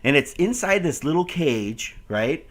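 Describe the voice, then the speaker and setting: A man's voice: a little high, sing-song, unhurried. A man hosting a casual chat, telling a funny story and mimicking baby talk to a dog. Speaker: host.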